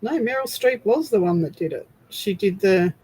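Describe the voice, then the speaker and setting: A woman's voice: mid-range voice, expressive, normal speed, a little mellow, breathy edge, poor audio. An Australian woman co-hosting a casual craft livestream, chatty and searching aloud for words. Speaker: co-host. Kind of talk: casual chat.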